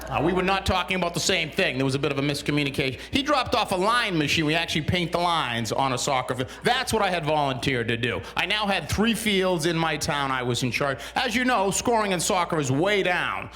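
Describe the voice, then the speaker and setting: Exasperated stand-up comic with a bright voice. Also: male voice, a little high, animated, fast, few pauses. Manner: dry, exasperated storytelling with punchlines. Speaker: stand-up comedian. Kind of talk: stand-up comedy routine. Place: small TV studio stage.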